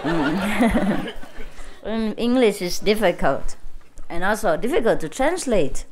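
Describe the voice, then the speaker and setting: A woman with a Vietnamese accent talks in a leisurely, unhurried way to a gathered audience. Her manner is teasing and playful, with frequent laughs between phrases. A faint hiss sits under the recording. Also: mid-range voice, expressive. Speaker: spiritual teacher speaking to a gathering. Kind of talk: casual talk to a live audience.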